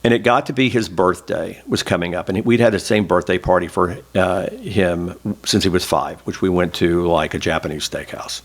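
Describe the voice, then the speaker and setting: Interview guest, middle-aged man from Oklahoma, low voice, emotional and open. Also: normal speed, few pauses. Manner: emotional, candid storytelling, close to tears. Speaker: interview guest, former state senator. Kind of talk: oral history interview.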